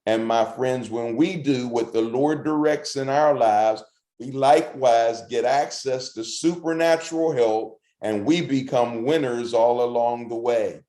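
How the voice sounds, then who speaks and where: A man preaches a brief devotional in an earnest, encouraging way, his voice mellow and unhurried on the scripture passages. The room around him rings with a noticeable echo. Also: medium pitch. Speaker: pastor. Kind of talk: short devotional sermon.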